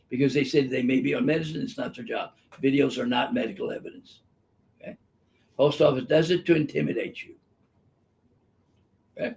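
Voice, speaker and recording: A man's voice: mid-range voice, creaky. An older man, a physician hosting a live webinar, telling stories in a blunt, emphatic, opinionated way. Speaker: physician host answering viewer questions. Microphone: live webinar microphone.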